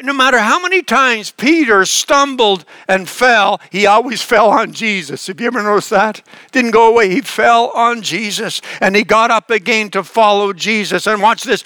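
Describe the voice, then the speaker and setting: A man's voice: high-pitched, bright, forceful tone, no room sound. A man preaching a sermon, earnest and emphatic, asking the listeners questions and often restarting his phrases. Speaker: pastor.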